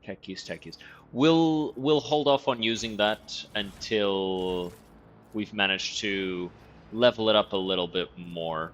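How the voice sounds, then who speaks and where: A man's voice: fairly low pitch, takes it slowly, a bit bright. A man streaming a video game in casual commentary, reading in-game text aloud and reacting with wry, profane remarks. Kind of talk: casual let's-play commentary.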